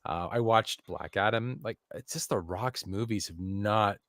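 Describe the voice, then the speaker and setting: A man's voice: on the low side, a little slow, a bit bright, no room sound. Joking man on a podcast, dry sound. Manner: joking, rambling banter. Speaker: podcast co-host. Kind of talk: casual chat.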